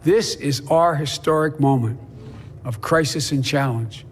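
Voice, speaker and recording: A man doing an impression of an older president giving a slow, solemn speech on unity. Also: a little high, slightly rough, long reverb tail. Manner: slow, halting oratory. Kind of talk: solemn political speech parody.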